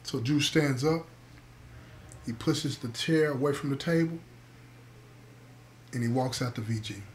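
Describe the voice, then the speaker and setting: A man's voice: mid-range voice, a little slow, slight background noise. A man telling a story to listeners, emphatic, repeating key words and calling them "y'all". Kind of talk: spoken storytelling to an audience.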